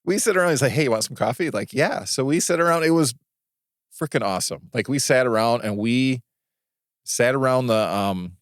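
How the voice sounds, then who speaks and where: A man co-hosting a podcast in casual chat, telling stories in a rambling, halting way with many restarts. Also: medium pitch, expressive, clear, resonant tone, no echo, clean studio sound. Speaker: podcast co-host.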